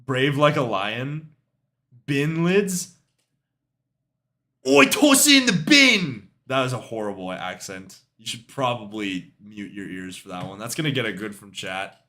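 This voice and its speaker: A man's voice: on the low side, moderate pace, a bit bright. A young man streaming music reviews in casual chat, laid-back, swearing freely and trailing off with shrugging asides.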